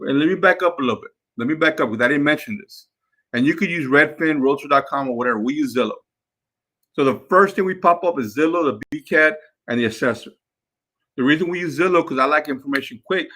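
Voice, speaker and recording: A man's voice: mid-range voice, sharp tone. A man, a real estate investor, coaching his team in a live session, repeating points to drive them home. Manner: repeats words, drills points to his crew.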